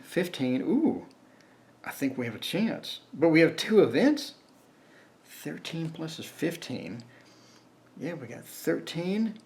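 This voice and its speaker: A man's voice: a little high, vocal fry, slight background noise. A man playing a board game alone on camera, reading cards aloud, counting and grumbling about bad luck. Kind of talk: solo playthrough commentary.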